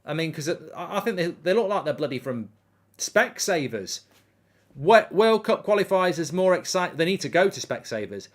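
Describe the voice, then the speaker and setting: Reading out viewer comments on his live football watchalong, this host speaks in a slightly high voice at normal speed. Refereeing decisions set him off on animated, indignant rants.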